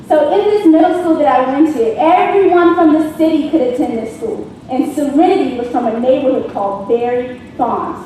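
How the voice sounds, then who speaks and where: A high-voiced young woman from Washington, D.C. tells a funny story on a conference stage, throwing in sound effects as she goes. She is heard from a distance, with the sound ringing around a large hall and a faint room hum behind her. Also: fairly quick, hardly any pauses. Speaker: teacher. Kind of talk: humorous contest speech.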